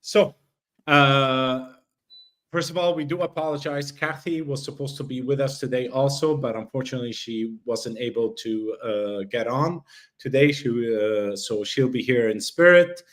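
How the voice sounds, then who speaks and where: A man's voice: mid-range voice, moderate pace, fairly bright tone. A man hosting a podcast, welcoming viewers and asking questions in a hesitant way full of fillers. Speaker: podcast host. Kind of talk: casual podcast interview.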